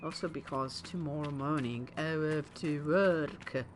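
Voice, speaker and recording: A woman casually commentating her game stream, chatty and excitable, sounding tired. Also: sits low, a little slow, slight background noise. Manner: chatty, excitable, swears and laughs. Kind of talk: casual let's-play commentary.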